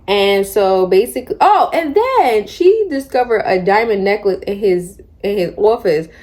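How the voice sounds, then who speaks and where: A young woman in her twenties chats about a book she has been reading, slangy and animated as she retells it. Her voice is warm and mellow, and her pitch sits in the middle range for a woman. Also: a little slow. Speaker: book vlogger. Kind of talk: casual book discussion.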